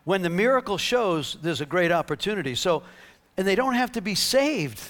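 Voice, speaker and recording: A man whose voice sits high preaches at a normal speed, recounting a healing story. He brings it to life by acting out the dialogue, and he laughs as he goes.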